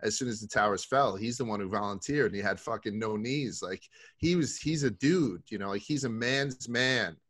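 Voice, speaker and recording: A man's voice: on the low side, normal speed, few pauses, fairly bright tone. A middle-aged man from Brooklyn, a podcast guest telling stories in a rambling, profane, casual way. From Brooklyn, New York.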